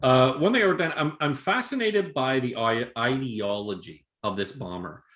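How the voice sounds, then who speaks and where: Animated, profane male co-host ranting. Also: medium pitch, normal speed, reverberant. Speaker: podcast co-host. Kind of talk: casual chat.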